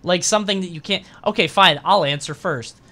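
A man co-hosting a casual gaming podcast with a bright voice that sits a little high. He chats loosely, gives ground easily and laughs along with his friends. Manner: quick to concede, laughing along. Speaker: podcast co-host, commentator. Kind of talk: casual chat.

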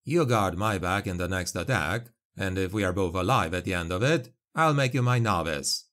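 A man voicing a sly, scheming peasant man who poses as a holy abbot, speaking low and hushed in an audiobook. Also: animated, moderate pace. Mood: conspiratorial.

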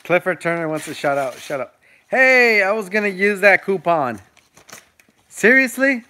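A man's voice: sits high, animated, normal speed, bright, forceful tone. A man chatting casually on a live stream from his phone, calling to his dogs and laughing with viewers.

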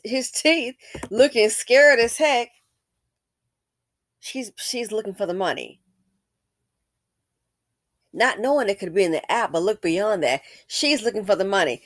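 A woman's voice: a little high, dry recording. Emphatic woman commentator, dry sound. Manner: emphatic, repeats points, asks rhetorical questions. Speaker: commentary channel host. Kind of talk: casual commentary on an ad.

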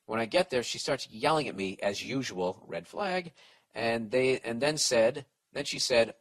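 Man, comedy podcast host, profane advice rant, rambling, self-interrupting, middle-pitched voice. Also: unhurried. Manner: profane, rambling, animated ranting; restarts and mock voices for people in stories.

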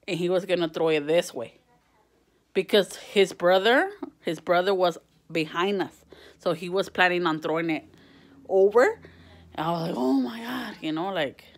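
Heated woman, lower voice. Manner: profane, switches between English and Spanish mid-sentence; heated and exasperated. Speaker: vlogger. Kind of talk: casual venting to camera.

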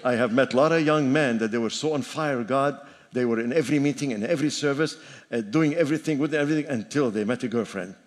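An older male pastor preaches in an emphatic, repeating style, and his voice rings with the long reverb of a church hall. He drops in playful asides and sits at an ordinary pitch for a man. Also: fast talker, hardly any pauses. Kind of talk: sermon. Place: church sanctuary.

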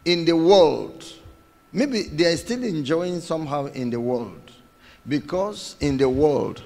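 A man's voice: on the high side, animated, slow, vocal fry, a little mellow. Man, pastor, emphatic sermon, repeats phrases, long reverb. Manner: emphatic preaching with repeated phrases and acted quotes.

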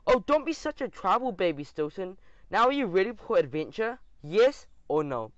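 A man voicing a boisterous, adventurous male mouse karate master who talks loudly. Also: sits high, very animated, moderate pace, no room sound. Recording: dull dry audio.

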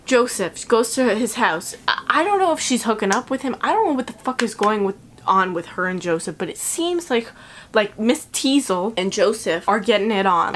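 A young woman talking casually to camera about a book she found confusing. She is sarcastic and animated, swears freely and slips into quick voices for the characters. Her pitch sits in the middle range. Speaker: vlogger. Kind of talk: casual book review chat.

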